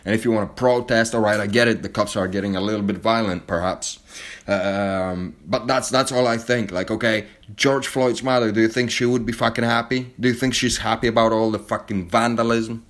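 Man, very deep voice, angry profane rant, blunt, heated. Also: fairly even intonation, a little fast, a bit bright. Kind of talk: angry ranting monologue.

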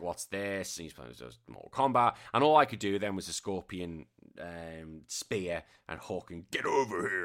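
A man's voice: lowish voice, fairly bright tone. An Englishman in his thirties hosting a podcast, chatting casually, swearing freely and telling stories with animation. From England. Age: 30s. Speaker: podcast host.

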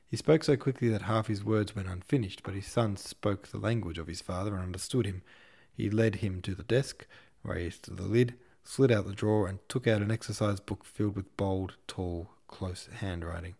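A man narrating an audiobook in a steady, measured reading style. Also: fairly low pitch, gravelly. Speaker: audiobook narrator and podcast host.

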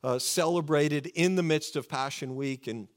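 A man preaching a sermon to his congregation, earnest and fervent, slowing down to stress key words. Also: fairly high pitch. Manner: earnest, fervent preaching with slow emphatic pauses. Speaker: pastor.

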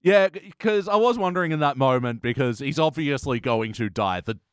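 Laid-back man, mid pitch, dry. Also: lively intonation, fairly quick, clean tone, no room sound. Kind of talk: casual chat.

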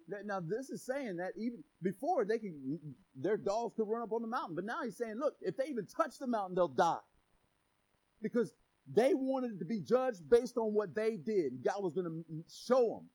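A male pastor preaching a sermon in an energetic, joking manner, with shouted emphasis on key lines. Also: sits high, normal speed, rough recording.

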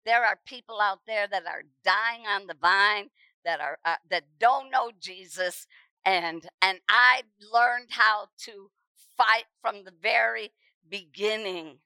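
A middle-aged woman preacher telling her testimony with emphasis, often repeating words and rising to shouts at the dramatic moments. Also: mid-range voice, slow, smooth, no echo, low-quality recording. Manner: repeats words when stirred. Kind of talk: testimony sermon.

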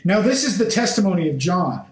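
A man teaching a sermon and reading scripture aloud, speaking in short, deliberate phrases and pressing his listeners with emphatic questions. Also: high voice, sing-song. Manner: slow, deliberate phrasing in short measured fragments. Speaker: Bible teacher. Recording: roomy echo.

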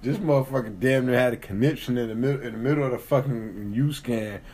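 A man swapping stories in a relaxed podcast chat, his voice husky and a little rough. He talks in a profane, easygoing way and acts out the people in his stories as he goes. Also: medium pitch, a little fast. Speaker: co-host. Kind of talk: casual chat.

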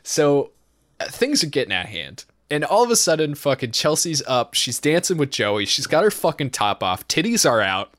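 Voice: medium pitch, very animated, moderate pace, fairly bright tone, dry recording, clean studio sound. A young adult telling a wild party story in casual chat, swearing often, laughing, and saying "dude" and "like" a lot. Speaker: podcast storyteller.

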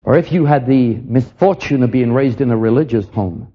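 A man's voice: medium pitch, moderate pace, dull audio. An older man from England preaching a sermon, earnest and reflective, often repeating a word as he starts a line.

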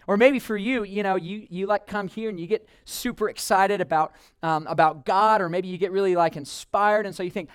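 Animated young man telling a sermon story. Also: high-pitched, fairly quick, hardly any pauses, smooth, no room sound, studio quality. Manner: casual, animated, many filler words.

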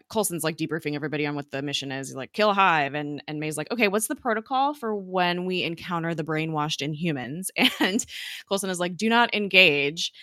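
A woman's voice: low-pitched, sharp tone, no echo, clean studio sound. A woman recapping a TV episode in casual chat, talking in a chatty, filler-heavy way and laughing often, recorded at home. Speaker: podcast co-host recapping a TV episode. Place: home office.

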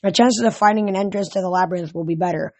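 A reader voicing a bossy, quick-thinking teenage girl demigod in a storybook reading, in a dry close recording. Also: sits high, no echo. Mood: decisive.

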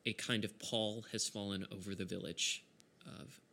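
A man with a lowish, bright, forceful voice narrates a tabletop game as game master. He sets the scene in an easygoing way, chuckling often and pausing on fillers. Faint noise sits under his voice. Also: steady tone, creaky.

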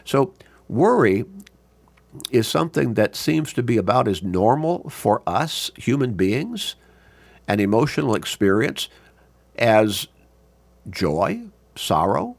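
An older man giving a sermon, slow and deliberate, repeating points for emphasis, with a gravelly voice. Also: mid-range voice, big pitch swings, no room sound.

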